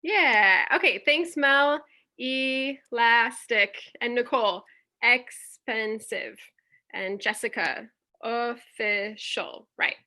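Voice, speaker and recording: Woman, teacher, bright tone, slow and patient, sounds out vowels, video-call mic. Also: medium pitch, creaky. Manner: patient, explains step by step, sounds out vowels slowly. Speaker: teacher presenting a workshop. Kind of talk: online teaching demonstration. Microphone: computer mic on a video call.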